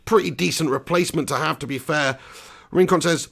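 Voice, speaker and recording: Watch-along host, raised pitch, gravelly edge, chatty, flares into excited calls. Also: male voice, a little fast. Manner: chatty, bursts into excited play-by-play. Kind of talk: live commentary and chat reading.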